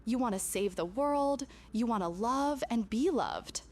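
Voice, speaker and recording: A woman's voice: fairly high pitch, expressive, a little slow, a little mellow. A woman speaking earnestly and intimately to a camera, delivering a channeled spiritual message with emphatic repetition.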